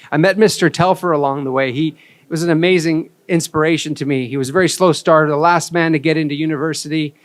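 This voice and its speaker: A man speaks from a conference stage with a fairly high, smooth voice. He tells his story candidly and with self-deprecation. The sound is dry and close. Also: dry recording. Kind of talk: storytelling keynote talk.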